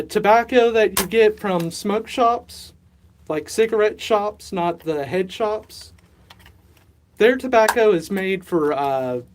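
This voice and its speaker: A laid-back livestream host chats with the viewers in a slow, drawn-out way, rambling from one aside to the next. The tone is casual and self-mocking, with a faint hiss of noise underneath. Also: medium pitch, a little mellow. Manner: rambling, chatty, self-mocking, talks to chat.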